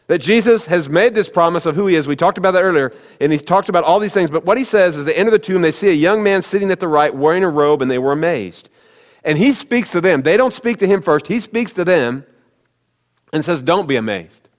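A man's voice: sits high, fast, hardly any pauses. A man preaching a sermon as pastor, talking conversationally and speaking directly to his congregation. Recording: long hall reverb.

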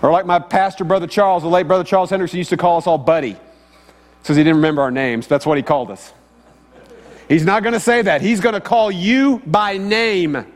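In a high-pitched voice at a fairly quick clip, the pastor talks through his sermon like a conversation, often questioning his listeners. There's long hall reverb and a faint hum from the mains.

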